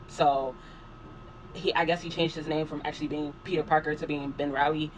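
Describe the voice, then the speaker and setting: A man giving a casual spoken review of a show, rambling in a relaxed, slangy way and filling pauses with "um" and "like". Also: a little high, a little hiss or hum, low-quality recording. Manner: rambling, filler-heavy, with frequent "um" and "like"; slangy and laid-back.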